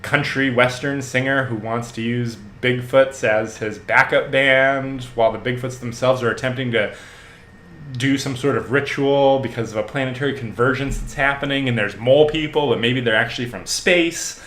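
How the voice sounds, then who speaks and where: A man co-hosting a podcast in casual chat, relaxed and rambling, with many fillers. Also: medium pitch, normal speed, echoey room, slight background noise. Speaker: podcast co-host.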